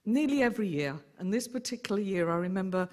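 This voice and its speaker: A middle-aged woman, an aunt telling lively stories in a memorial tribute. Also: mid-range voice, fast talker. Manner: lively anecdotal storyteller. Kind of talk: eulogy storytelling.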